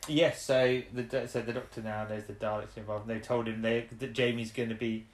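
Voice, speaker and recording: A man co-hosts a relaxed podcast, walking through a story with loose, rambling restarts. His voice sits in an ordinary middle pitch. The recording has a noticeable echoey, roomy sound. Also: fairly quick. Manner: rambling, restarts while recapping plot. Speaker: podcast co-host. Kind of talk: casual chat recapping a TV episode.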